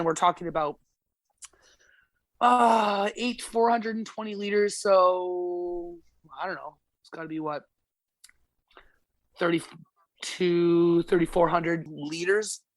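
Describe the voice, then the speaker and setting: This woman from Alberta, Canada, has a lowish voice and speaks a little slowly with frequent pauses, captured in a dry recording. A gas service technician, she tells rambling work stories on a casual podcast, blunt and swearing freely.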